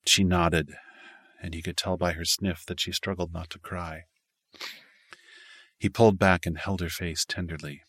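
A man's voice: deep voice, steady tone, normal speed, a bit bright, no room sound, clean studio sound. A man reading a story aloud as an audiobook narrator, lightly varying his voice for the characters' dialogue. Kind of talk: scripted narration.

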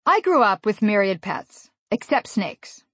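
A woman in her forties from the USA reads her own humorous memoir aloud. Her delivery is wry and deadpan, at a mid pitch. The recording is dry and close, with no room sound. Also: unhurried, slightly rough, no echo. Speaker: author narrating a memoir. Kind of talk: humorous audiobook narration.

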